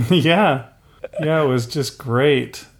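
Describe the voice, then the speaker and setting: A man's voice: mid-range voice, drawn-out words, breathy edge. Rambling, laughing middle-aged man chatting. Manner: rambling, animated, acts out quotes with laughs. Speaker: podcast co-host. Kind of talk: casual chat.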